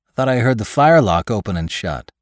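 A man's voice: lowish voice, expressive, a little fast, no room sound, studio quality, natural voice. A man doing a polite, bewildered young attendant. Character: healthy, puzzled young male attendant.

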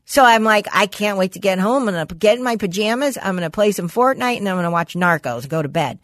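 A woman co-hosting a podcast, telling stories in casual chat, animated and laughing often. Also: mid-range voice, fast, no room sound. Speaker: podcast co-host.

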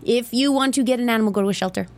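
A woman with a squeaky voice hosting a show, chatting casually and rambling with lots of fillers and laughs. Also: rapid-fire, darkish tone. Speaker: show host. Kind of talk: casual chat about a TV show.

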